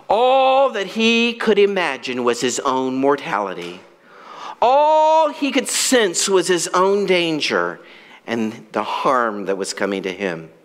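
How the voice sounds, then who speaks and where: Slow, lively-voiced preaching pastor, a man. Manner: dramatic storytelling, acts out quoted characters; slow, deliberate preaching with wide swings in pitch and loudness. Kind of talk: sermon.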